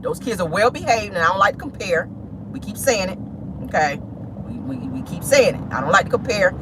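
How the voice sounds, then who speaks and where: In a car with a noisy background, a gossip vlogger delivers an outspoken, animated, profane rant in a mid-range voice that runs a little fast, breaking into derisive squeals as she impersonates people.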